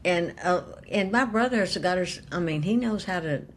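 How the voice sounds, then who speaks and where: A woman with a notably low voice co-hosts a casual podcast. She sounds easygoing and laughs readily. Faint room ambience hangs behind her. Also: animated, slight background noise. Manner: easygoing, short agreeing replies, quick laughs. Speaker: podcast co-host. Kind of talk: casual chat.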